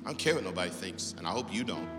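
A middle-aged male pastor preaching a sermon, swinging between loud, animated exhortation and hushed storytelling. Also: deep voice, racing, over music. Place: church auditorium. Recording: long reverb of a large hall.

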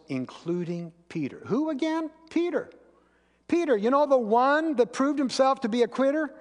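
High-voiced pastor preaching in an echoing hall. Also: male voice. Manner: earnest, storytelling, dropping to quiet intensity. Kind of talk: sermon. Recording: long reverb of a large hall.

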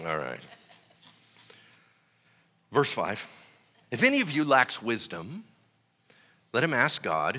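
A man's voice: lowish voice, bright, forceful tone. A male pastor giving a conversational sermon, checking in with listeners with "right?" and acting out quoted voices. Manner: acts out voices in quoted asides.

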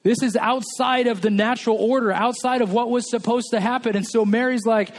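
A man's voice: extremely high pitch, fairly even intonation, a little fast, few pauses. A male pastor from California preaching a sermon, telling a personal story with quoted dialogue.

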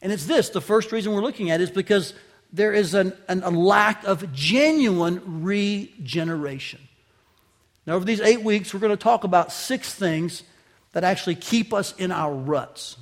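A man with a high voice preaches a sermon, carrying a faint Southern accent from his upbringing in the Southeast. He is middle-aged and tells animated stories with self-mocking humor. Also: normal speed. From Southeastern United States. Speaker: pastor.

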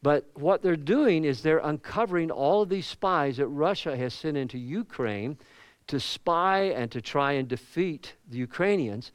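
A pastor with a Southern US accent preaching a sermon in a conversational way, with asides and questions to the congregation. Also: male voice, on the high side, expressive, a little slow, clean tone, no room sound. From American South.

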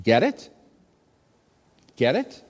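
A man preaches to his congregation, his voice rising and dropping in wide, lively swings as he presses his point. He coaxes the crowd to repeat his lines and trades light jokes with them. His words ring out with the long reverb of a large church hall. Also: medium pitch, very slow. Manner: animated preaching, calls for audience repetition, jokes with congregation. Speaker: pastor. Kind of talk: sermon. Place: church sanctuary.

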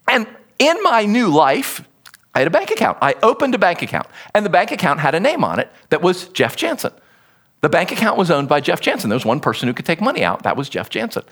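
A middle-aged man preaching a sermon in an animated, conversational way, acting out quotes as he explains a text. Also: high voice. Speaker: pastor.

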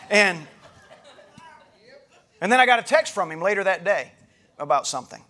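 Man, pastor, high voice, conversational sermon, retells dialogue, restarts often. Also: expressive, fairly quick, long pauses, sharp tone. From United States. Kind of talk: sermon storytelling.

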